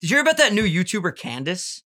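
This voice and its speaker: A young man hosting a casual podcast, talking in animated, joking banter and laughing often. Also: high-pitched, quick pace, dry recording, clean studio sound.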